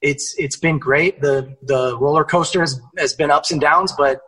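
A man's voice: fairly high pitch, normal speed, sharp tone, breathy edge, rough recording. A young man guesting on a podcast, chatting casually and energetically, swearing and using lots of fillers. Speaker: actor guest.

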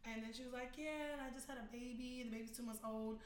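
A woman co-hosts a casual gossip podcast, speaking fast in a fairly high voice, recorded in an echoey room with a little hiss or hum. She is an animated storyteller who acts out quotes and swears freely.

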